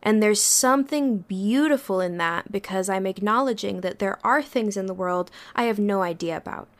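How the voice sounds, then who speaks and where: Reflective woman therapist musing aloud. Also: mid-range voice. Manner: thoughtful, searching, with frequent pauses and fillers. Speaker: therapist and podcast co-host. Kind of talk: casual reflective podcast talk.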